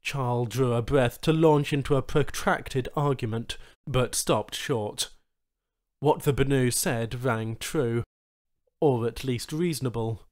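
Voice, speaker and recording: In a slow, medium-pitched voice, an audiobook reader narrates a science fiction short story from a script. His delivery is expressive, in the manner of a storyteller.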